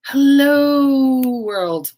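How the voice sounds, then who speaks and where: A middle-aged woman who works as a medium, chatting casually on a livestream with her viewers, rambling and laughing often, her voice a little hoarse. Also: sits high, lively intonation, very slow, a little mellow. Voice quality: slightly hoarse.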